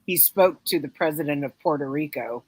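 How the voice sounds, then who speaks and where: Husky woman with blunt retorts. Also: sits low, normal speed, rough recording. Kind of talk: casual chat.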